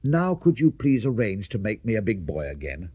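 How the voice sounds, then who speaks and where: A man voicing a polite, sensible young boy who speaks in a steady, courteous way. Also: on the low side, moderate pace, slightly rough, no echo.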